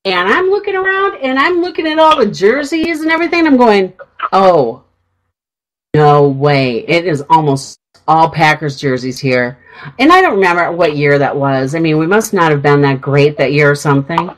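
A woman's voice: lowish voice, big pitch swings, brisk, low-quality recording. A middle-aged woman from Minnesota, co-hosting a radio show and telling a rambling story with many fillers, congested from a sinus infection. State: sinus infection, clearing throat. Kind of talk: casual chat. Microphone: studio mic.

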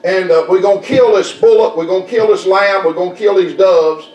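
A preacher with a high, ringing voice works the congregation in a folksy, repetitive call-and-response style. He is caught from a distance, and the church room echoes around every phrase. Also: a little fast, a little mellow. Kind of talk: Southern Baptist sermon. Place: church sanctuary.

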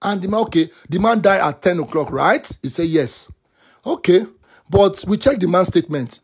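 Speaking at a normal speed in a high, husky voice, this Nigerian-accented man hosts a talk show full of fervent commentary. He moves back and forth between Yoruba and English, frequently erupting into shouts.

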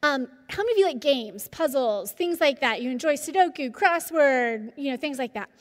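High-voiced woman teaching a group in a hall. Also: normal speed. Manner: animated, asks the audience questions. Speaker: counselor. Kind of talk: presentation to a group. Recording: long reverb of a hall.

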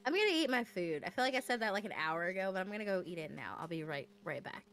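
A woman's voice: fairly low pitch, lively intonation, fast, fairly bright tone, low-quality recording. A woman chatting casually on a call, rambling and filling her talk with "like". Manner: rambling, chatty, filler-heavy. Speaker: friend in a karaoke group.

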